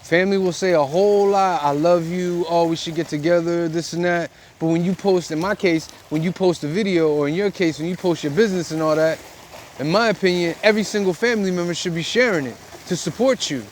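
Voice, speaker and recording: A man's voice: high voice, fairly quick, a little hiss or hum. Earnest man vlogging by a river. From United States. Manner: earnest and preachy, speaks in repeated phrases. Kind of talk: reflective monologue. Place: outdoors by a river.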